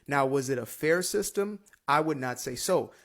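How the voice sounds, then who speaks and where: A man's voice: medium pitch, animated, normal speed. A man hosting a commentary video, lecturing through a rebuttal with dates and facts.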